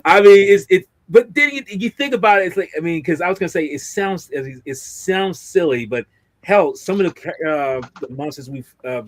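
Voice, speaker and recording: A man's voice: on the high side, no room sound. A man hosting a casual livestream, talking in a rambling way with many restarts and fillers. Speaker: livestream host.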